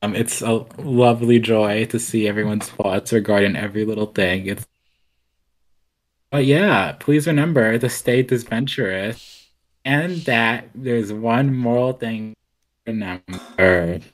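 A man's voice: on the low side, a little slow, poor audio. A young man hosting a casual podcast chat, rambling along with lots of "like" fillers. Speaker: podcast host.

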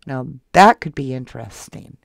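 A soft-spoken woman hosting a true crime livestream, reading viewer comments aloud and calling her viewers love and honey. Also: very deep voice, lively intonation, moderate pace, creaky, no room sound, clean studio sound. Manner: affectionate toward viewers, calls them love and honey. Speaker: true crime channel host.

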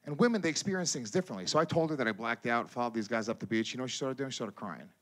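Guy doing standup, swearing a lot, loud and animated, mid pitch, chatting up the crowd. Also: very fast. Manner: loud, animated delivery with shouted character voices; profane, conversational banter with the crowd. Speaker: stand-up comedian. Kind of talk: stand-up comedy set. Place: comedy stage before a live audience.

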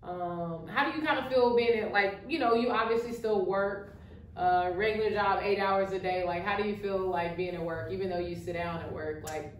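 A woman co-hosting a casual chat, asking questions in a relaxed way. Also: medium pitch, moderate pace. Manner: relaxed, asks questions with soft listening murmurs. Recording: echoey room, mic at a distance, faint noise.

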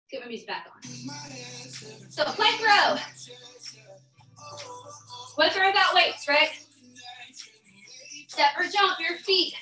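High, bright-voiced fitness instructor, woman. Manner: energetic coaching with cheers and countdowns. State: out of breath. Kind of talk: live workout class instruction. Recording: echoey room from far off, music behind.

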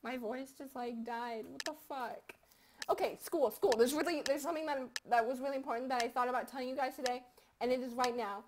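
A young woman with a high voice chats casually over her gameplay, swearing and joking. She keeps up a loose, rambling patter that bursts into sudden loud yells. She records on a close mic at home. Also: fairly even intonation, a little fast, background noise. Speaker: gaming commentator.

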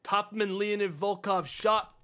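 Faint music plays behind a man whose high-pitched voice is steady, pushed and bright, and unhurried. He's streaming a mystery game, giving casual live commentary, reasoning out loud and talking to his chat.

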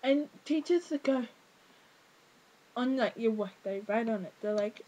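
A woman's voice: a little high, measured pace, long pauses, warm tone, rough recording. A teenage girl, ranting casually to camera with lots of fillers, exasperated. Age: teens. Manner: exasperated, rambling with many fillers. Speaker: vlogger.

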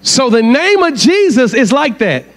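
A man's voice: very high voice, sing-song, unhurried. A man preaching as guest speaker at a church conference, firing rhetorical questions at the congregation. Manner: asks the crowd rhetorical questions. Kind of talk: sermon.

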